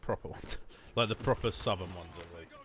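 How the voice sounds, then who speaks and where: Over game gunfire and slight background noise, a man from England with an Essex accent streams a shooter game. His low, somewhat bright voice moves at a moderate pace as he rambles and swears in a joking way through casual commentary.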